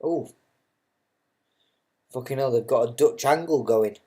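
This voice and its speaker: Man, amateur darts commentator, casual live commentary, mellow warm tone, swears a lot, ranty asides. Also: mid-range voice, a little slow, breathy edge. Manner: swears freely, ranting asides; chatty and self-mocking.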